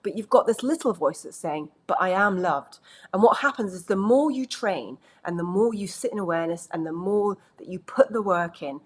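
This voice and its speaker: A woman's voice: medium pitch, lively intonation, fairly quick, few pauses, slightly rough. A woman giving an earnest, reassuring coaching talk to camera in a conversational way, checking in with the listener. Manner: conversational, many "you know" fillers.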